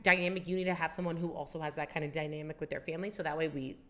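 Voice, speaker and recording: A woman's voice: sits low, steady tone, very fast, bright, forceful tone. A woman co-hosting a podcast, chatting casually and emphatically, swearing freely. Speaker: podcast co-host. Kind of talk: casual chat.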